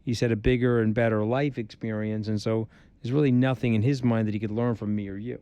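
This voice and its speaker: A middle-aged man speaking as a guest in a candid conversation, hammering his points home with blunt repetition. His voice sits in a mellow, warm register, and the sound is dry and close. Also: fairly low pitch, brisk, clear, resonant tone, no room sound, lo-fi sound. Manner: blunt, emphatic, repeats points for force; animated storyteller who acts out quotes. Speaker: interview guest.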